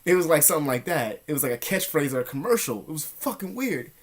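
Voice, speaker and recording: A young man casually telling a story to his vlog audience, slangy and profane, animated, sometimes dropping to a whisper. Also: fairly high pitch, fast. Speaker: vlogger.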